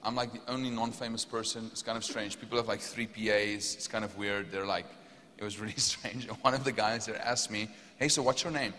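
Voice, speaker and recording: A man's voice: fairly low pitch, steady tone, brisk, bright, forceful tone. A young man with a South African accent preaching a sermon, telling a story and rising to fervent emphasis. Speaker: pastor. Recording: long hall reverb.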